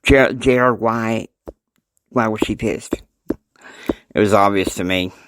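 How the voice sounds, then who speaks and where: A man's voice: on the low side, slow pace, fairly bright tone, smooth, no room sound, rough recording. A man casually narrating a homemade family story, rambling with many fillers and laughs.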